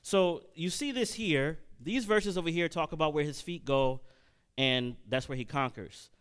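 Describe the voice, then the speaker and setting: A man preaching at a Bible study, reading scripture slowly and then speeding up with questions to the congregation. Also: fairly high pitch, clear, resonant tone. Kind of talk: sermon-style Bible teaching.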